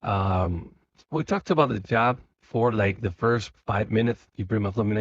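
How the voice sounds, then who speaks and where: Casual male vlogger from Spain, low voice, rambling car-ride monologue, dry close sound. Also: normal speed, no echo, muffled recording. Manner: rambling, many fillers and restarts. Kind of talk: casual monologue while driving.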